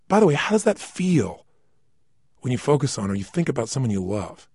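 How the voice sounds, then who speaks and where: A man giving an energetic motivational talk at a studio microphone, emphatic, swinging between loud and hushed delivery. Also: on the high side, fairly quick, dry recording. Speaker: motivational speaker.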